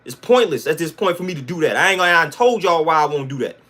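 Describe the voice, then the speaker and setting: A man's voice: a little high, animated, fast, bright, forceful tone. A man hosting a livestream, ranting to his chat in an emphatic, blunt, slang-heavy way that keeps repeating its points. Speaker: livestream host.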